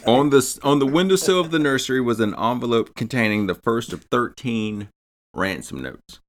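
A man's voice: mid-range voice, expressive, normal speed, slight background noise. A man hosting a podcast, telling a true-crime story in a casual, profane way. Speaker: podcast host.

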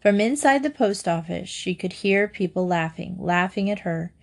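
A woman reading a children's book aloud in a slow, even narration. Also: medium pitch.

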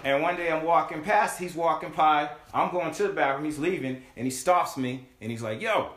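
A man spins a long casual story, jumping into other people's voices as he goes and swearing freely. His voice sits a touch high for a man. The room around him is echoey. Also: moderate pace, hardly any pauses. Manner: animated, acts out voices in quotes, swears freely. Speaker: podcast guest telling a story.

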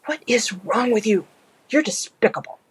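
A reader doing a fussy angel, male, prim, scolding, earnest, husky, fan audiobook. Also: mid-range voice, normal speed, a little mellow. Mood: indignant.

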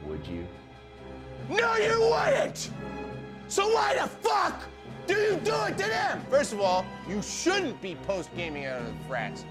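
A man's voice: extremely high pitch, huge pitch swings, unhurried, exaggerated voice. An actor playing a furious young woman sorority officer who rants and swears in a dramatic reading over music. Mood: ranting. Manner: profane, seething, building to screaming. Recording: loud music under the voice.

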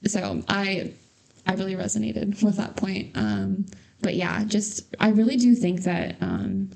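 A woman's voice: medium pitch, expressive, unhurried, gravelly, a little mellow. A woman co-hosting a talk podcast, speaking casually and filling her speech with "like". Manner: filler-heavy, says "like" constantly. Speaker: podcast co-host and trainer. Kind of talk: casual chat.

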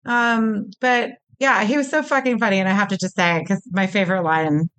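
Female podcast co-host, middle pitch, loose talker who laughs and swears. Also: steady tone, normal speed, a bit bright, clean tone. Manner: chatty, lots of likes, swears and laughs easily. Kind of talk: casual chat.

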